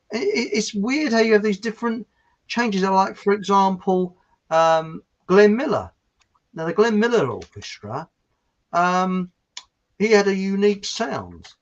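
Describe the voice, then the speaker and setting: A man with a southern English accent telling chatty, animated stories as a guest on a video call. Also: high-pitched, slightly rough. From southern England. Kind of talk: casual chat on a video call. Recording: muffled video call audio.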